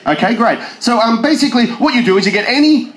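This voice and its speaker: Animated comedian in a roomy pub. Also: male voice, very high-pitched, fast talker. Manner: animated joke delivery with shouted bits. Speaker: stand-up comedian. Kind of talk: stand-up comedy set. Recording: roomy live venue sound.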